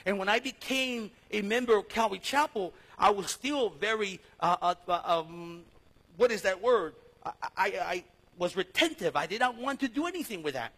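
Husky high-voiced male pastor. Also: expressive, moderate pace, low-quality recording. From East Los Angeles. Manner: storytelling, swings from loud to hushed. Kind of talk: sermon.

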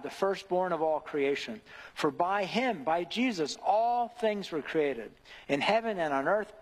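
A man's voice: high voice, slightly rough, long reverb tail, low-quality recording. A man preaching an earnest devotional sermon who builds to emphatic rhetorical questions.

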